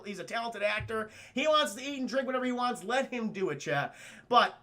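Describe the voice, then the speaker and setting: A man streaming a casual, excitable and profane film recap, often addressing his chat. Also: sits high, gravelly.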